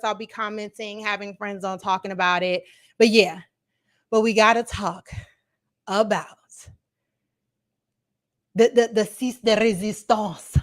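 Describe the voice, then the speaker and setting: A woman hosting a casual livestream, chatting to her viewers and reacting as she talks, animated and quick to laugh. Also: medium pitch. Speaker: livestream host.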